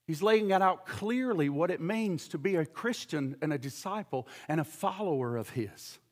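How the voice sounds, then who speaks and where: A male pastor preaching a sermon with impassioned swings from loud fervor to hushed intensity, often repeating words. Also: a little high, lively intonation, normal speed.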